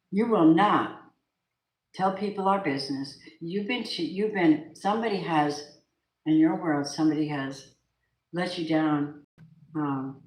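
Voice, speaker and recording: A woman gives a live tarot reading, gushing effusively over her viewers and swearing now and then. Her voice is low and a little mellow, heard in an echoey room on a low-quality recording.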